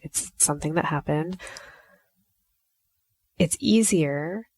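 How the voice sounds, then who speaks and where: Solo podcast host, a woman with a lowish voice, close and dry, chatty and reflective. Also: slow, darkish tone, breathy edge, dry recording. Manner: chatty and reflective, often acting out quoted lines. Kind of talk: casual solo podcast talk.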